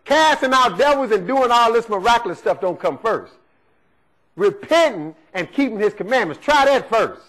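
High-voiced, lively male preacher. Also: moderate pace, low-quality recording. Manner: preaching in a conversational style, asks "right?" again and again. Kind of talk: sermon.

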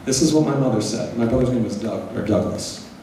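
A man's voice: mid-range voice, a little fast, noisy background. A middle-aged man giving a personal storytelling lecture, candid and mixing in humor. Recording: echoey hall, voice from far off.

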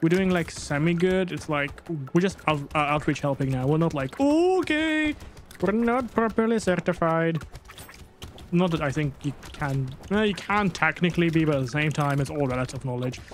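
A man's voice: a little fast, hardly any pauses, a little hiss or hum. A tired man commenting on his gameplay, English not his first language, rambling and self-mocking. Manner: excitable, rambling, self-mocking, jumps to high squeaks when panicking. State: tired late at night. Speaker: gaming YouTuber.

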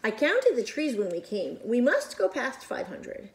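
A woman voicing a calm, clever girl in a storybook read-aloud, reassuring. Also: on the high side, unhurried, reverberant, full character voice, low-quality recording. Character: calm, clever girl who counts things.

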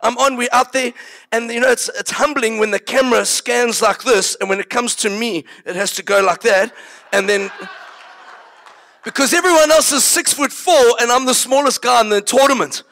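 A man preaching, telling a story in an animated way and acting it out. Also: very high voice, moderate pace, vocal fry. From South Africa. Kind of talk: sermon storytelling.

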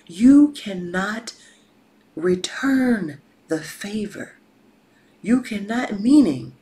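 A woman gives a motivational talk as a life coach, with a gravelly voice. She often drops to a whisper to stress a point and slips into casual slang, repeating her lines like a preacher. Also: lowish voice, darkish tone, a little hiss or hum, rough recording.

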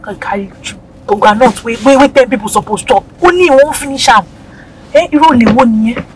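A woman with a Nigerian accent acting a ride-hailing driver, expressive and gossipy, switching between Yoruba and pidgin. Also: on the high side, a little fast, slight background noise, rough recording. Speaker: comedy skit creator playing a ride-hailing driver. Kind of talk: comedy skit acting.

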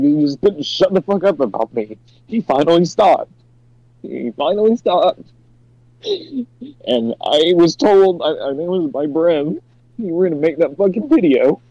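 A man streamer who is crying, talking in halting, stammering bursts between sobs. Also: a little high, mellow, dry recording, lo-fi sound.

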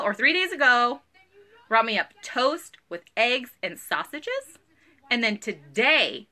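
A woman's voice: mid-range voice, bright, forceful tone. A woman, chatting bubbly and giggly through a live online clothing sale from home. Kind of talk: live sales stream chat.

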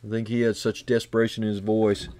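A man preaching a sermon who builds from quiet, low passages to loud, fervent climaxes and repeats key phrases for emphasis. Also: little pitch movement, quick pace, no room sound.

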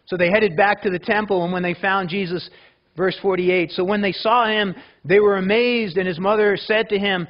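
A man preaches to a church congregation, his voice sitting high for a man. He talks in a loose, conversational way, restarting phrases and asking the listeners questions. The recording is dull and lo-fi. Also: steady tone, normal speed. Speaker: pastor. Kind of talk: sermon.

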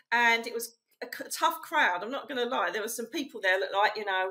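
A woman's voice: fairly high pitch, animated, a little fast, few pauses, bright, forceful tone. A middle-aged woman from England, a psychic medium, telling her life story in a chatty, emphatic way, full of "you know" and "literally". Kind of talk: casual storytelling interview.

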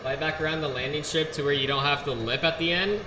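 A young man streaming a game live, excitable and trash-talking, shouting when he gets frustrated, on a gaming headset. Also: on the high side, fast, roomy sound, a little hiss or hum, rough recording.

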